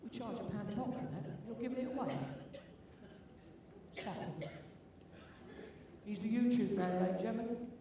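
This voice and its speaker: A man's voice: high voice, normal speed, pauses often. An older man from London with a London accent, compèring an event and bantering cheekily with the crowd in a teasing, chatty way. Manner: jokey, teasing, chatty with the audience. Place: large indoor sports arena. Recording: echoey hall from far off, with room noise.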